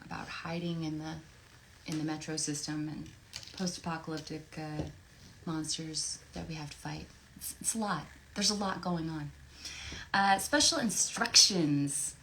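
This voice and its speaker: Chatty woman with a lowish voice. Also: moderate pace, slight background noise. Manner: chatty and effusive, thinks out loud. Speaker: voice actress at an autograph signing. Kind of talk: casual livestream Q&A chat.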